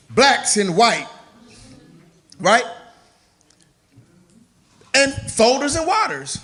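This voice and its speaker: Male stand-up comic, high bright voice, playful and loose, live stage. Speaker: stand-up comedian. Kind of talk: stand-up comedy set. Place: comedy stage before a live audience.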